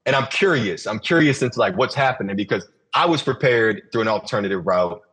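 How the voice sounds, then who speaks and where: A man's voice: fairly low pitch, animated, fairly quick, a bit bright, husky. A man hosting a podcast in casual conversation, speaking reflectively and often restarting and repeating phrases as he thinks. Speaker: podcast host.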